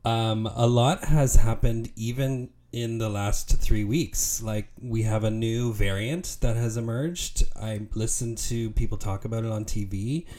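Chatty, low-voiced male podcast host. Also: fairly even intonation, a little slow, few pauses, mellow. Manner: chatty, laughs often. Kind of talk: casual chat.

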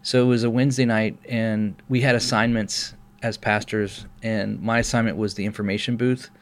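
A middle-aged pastor with a lowish voice tells a personal story at a moderate pace during a casual podcast conversation. He's an animated storyteller who acts out the voices of the people he quotes.

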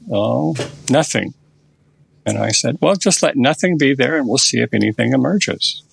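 An older man, a therapist guest in a podcast interview, who tells a session step by step in an unhurried, conversational way. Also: medium pitch, gravelly, breathy edge, no room sound.

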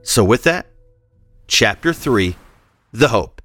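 A man's voice: mid-range voice, animated, takes it slowly, bright, forceful tone, no echo, soft background music. A man hosting a history podcast, reading scripted narration and breaking off for playful personal asides.

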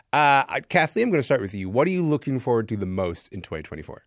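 A man's voice: medium pitch, big pitch swings, fast, hardly any pauses, dry recording, clean studio sound. A man hosting a culture podcast, asking guests playful questions about films. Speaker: host. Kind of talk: podcast discussion.

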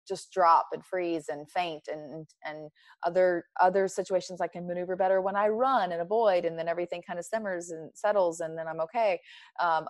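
A woman with a lowish voice, recorded with no room sound, speaks candidly as an interview guest in a personal conversation. She's reflective and emphatic and laughs often.

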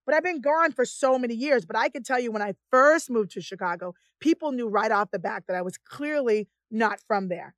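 High-voiced woman from Boston telling stories. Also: a little fast, few pauses, dry recording, clean studio sound. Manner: animated storytelling with acted-out quotes. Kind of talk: casual chat.

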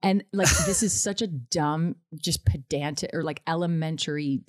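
A woman's voice: deep voice, moderate pace, darkish tone, no room sound, clean studio sound. A woman chatting casually on a podcast, laughing often and acting out her own thoughts in little quoted asides.

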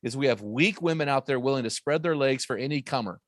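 A man, an author and guest, teaching on faith and marriage in an emphatic, preacherly way with quick asides. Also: medium pitch, no echo, clean studio sound.

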